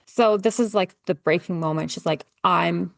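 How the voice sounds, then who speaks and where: This gardener, a guest on a podcast, chats casually, peppering her speech with "like" and animatedly acting out quoted lines. Her voice is lowish and a little mellow, she talks a bit fast, and there's no room sound.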